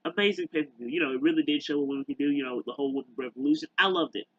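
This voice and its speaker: A man ranting casually to camera in a halting, rambling way full of fillers and restarts. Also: on the high side, a bit bright, breathy edge, dry recording, muffled recording. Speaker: YouTuber.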